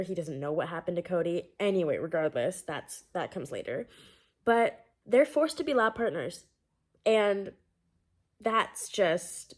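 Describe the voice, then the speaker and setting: A woman vlogger chatting casually and rambling about her young adult novel, filling her sentences with "like". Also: mid-range voice. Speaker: vlogger and writer. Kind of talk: casual chat, reading her own fiction. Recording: echoey room, faint ambience.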